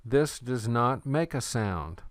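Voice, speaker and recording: Male language teacher, patient and unhurried, smooth clear voice, close dry recording. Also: medium pitch, expressive, no echo. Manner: slow, patient, repeats words for the learner. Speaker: Greek teacher.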